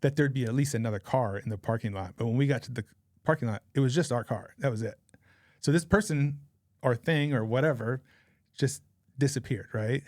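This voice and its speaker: Male guest, forties, average pitch, loose chatty anecdote delivery, dry recording. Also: a little fast, darkish tone, dry recording. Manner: rambling, chatty anecdote-telling with frequent laughs. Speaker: podcast guest. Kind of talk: casual storytelling.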